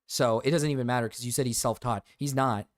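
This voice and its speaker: A man's voice: mid-range voice, steady tone, quick pace, no room sound, studio quality. A man streaming reaction commentary, ranting sarcastically and swearing a lot.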